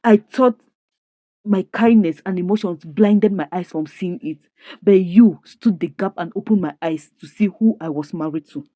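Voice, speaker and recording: A woman's voice: fairly low pitch, normal speed, no echo, lo-fi sound, lightly acted. A woman putting on a weary, regretful mother. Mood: grateful. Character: regretful mother fed up with her husband.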